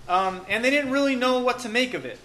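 A man's voice: very high-pitched, brisk, bright, forceful tone. A man preaching a sermon in a casual, joking way, often saying "okay" and "um". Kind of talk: conversational sermon.

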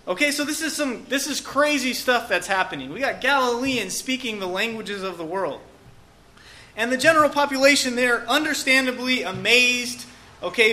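A man's voice: sits high, bright, forceful tone. A man preaching a sermon in a casual, joking way, often saying "okay" and "um". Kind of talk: conversational sermon.

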